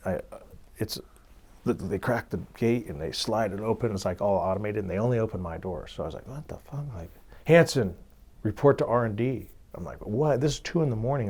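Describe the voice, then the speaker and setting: A man's voice: on the low side, slightly rough. A young man with a Californian accent telling his story as an interview guest, acting out the voices of people in it and filling his speech with "like" and "right?". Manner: animated storyteller, acts out quoted voices, frequent "like" and "right?".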